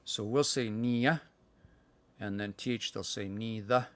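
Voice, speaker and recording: A man giving a casual live-stream language lesson from home. He thinks aloud and sounds out words slowly. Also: lowish voice, fairly even intonation, fairly bright tone. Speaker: language teacher.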